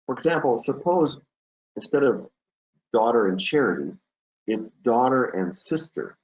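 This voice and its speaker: A man delivers an estate-planning lecture in a lowish voice, walking through the rules step by step and slipping in a joke to make a point. The recording sounds dull and lo-fi. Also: a little mellow. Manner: explanatory, tells jokes to make points. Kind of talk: continuing-education lecture.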